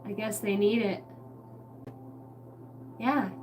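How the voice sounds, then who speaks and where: A woman's voice: mid-range voice, fairly even intonation, slow pace, darkish tone, faint music behind. Blunt, profane woman reading tarot. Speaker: tarot card reader. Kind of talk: casual livestream reading.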